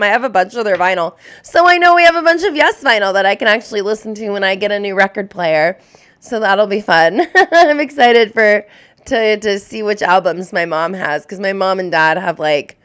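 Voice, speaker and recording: Woman, 30s, live streamer; casual, rambling, heartfelt chat with a clear, smooth voice. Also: medium pitch. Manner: rambling, chatty, full of "like" and "um"; warm and openly emotional toward viewers. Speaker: live streamer answering viewer questions.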